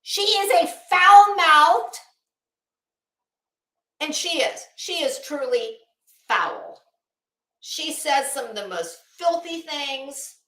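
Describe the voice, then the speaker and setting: A high-pitched woman with a bright, edgy voice hosts a live commentary stream. She rambles in a blunt, sarcastic way and greets chat viewers between points. Her voice rings in an echoey room. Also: very animated, takes it slowly, pauses often.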